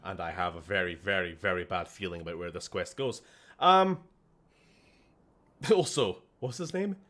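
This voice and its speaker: A man's voice: sits low, lively intonation, a little slow, fairly bright tone. A Welsh man giving casual, jokey commentary while streaming a game, laughing often. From Wales.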